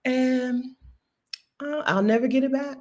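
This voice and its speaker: A woman in her fifties from Delaware, hosting and giving casual commentary, emphatic and quick to laugh. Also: high-pitched. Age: 50s. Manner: animated, emphatic, laughs often. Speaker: host.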